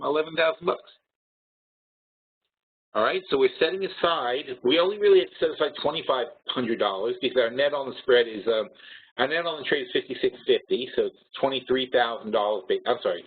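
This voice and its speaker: Heard through tinny, phone-quality sound, a man with a medium-pitched, somewhat rough voice hosts a trading webinar. He talks plainly and thinks through numbers out loud, often restarting his sentences.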